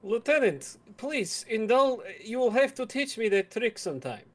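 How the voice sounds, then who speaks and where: A man speaks as a player at a tabletop game, using formal, theatrical phrasing with a wry edge. His voice is high for a man and swings a lot in pitch. He sounds lively and playful. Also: moderate pace. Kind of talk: in-character table talk.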